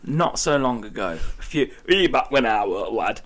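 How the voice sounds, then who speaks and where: A man's voice: medium pitch, sing-song, moderate pace, a bit bright. A man in his late twenties from England, co-hosting a casual chat and telling stories animatedly, acting out quotes with laughs. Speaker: podcast co-host.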